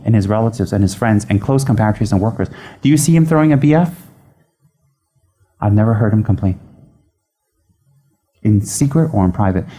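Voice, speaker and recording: A man teaching Buddhism in a chatty, animated way, often restarting his sentences. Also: mid-range voice. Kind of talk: informal dharma teaching.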